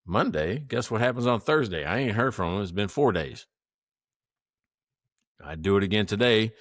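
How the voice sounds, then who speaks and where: Man, podcast co-host, casual animated storytelling, acts out quotes, dry close sound. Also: lowish voice, moderate pace, pauses often, no room sound. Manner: animated, acts out quotes, laughs often, swears.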